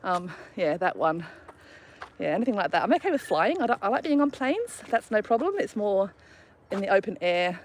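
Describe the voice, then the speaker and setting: A woman's voice: mid-range voice, sing-song, normal speed. Aussie lady vlogging live on a dog walk, bit puffed, chatty and self-mocking, faint noise around. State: out of breath from walking. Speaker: travel vlogger hosting a live stream. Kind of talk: casual live chat while walking her dog. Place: outdoors on a walk.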